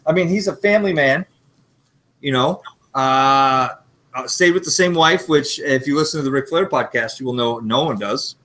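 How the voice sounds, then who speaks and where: Bright-voiced chatty male podcast host. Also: mid-range voice, moderate pace. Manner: chatty, sentimental, self-deprecating. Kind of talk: casual chat.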